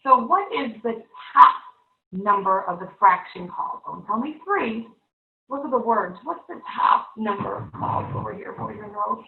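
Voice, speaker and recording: A woman's voice: a little high, lively intonation, normal speed. A woman teaching a televised math lesson to young students, upbeat and coaxing, constantly checking in with the class. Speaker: third-grade teacher. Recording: echoey room, far-off, thin phone-like sound.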